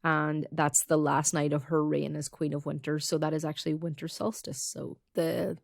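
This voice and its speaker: The voice is a young Irish woman's, low-pitched and close, in a dry, dead room. She chats casually through old folklore, with quick asides and the odd swear word. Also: level tone, creaky, dry recording. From Ireland. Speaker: podcast co-host. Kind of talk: casual chat, retelling folklore.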